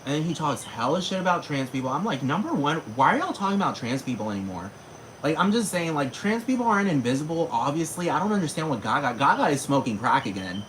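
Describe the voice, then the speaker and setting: A man's voice: a little high, big pitch swings, quick pace, a bit bright, slight background noise, rough recording. A man ranting casually to camera, slangy and profane, with sudden dramatic jumps in his voice. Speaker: vlogger.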